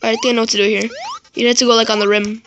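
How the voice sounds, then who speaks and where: A gaming YouTuber giving raging gameplay commentary, swearing and yelling in frustration and muttering to himself between outbursts. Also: medium pitch, flat delivery, rapid-fire.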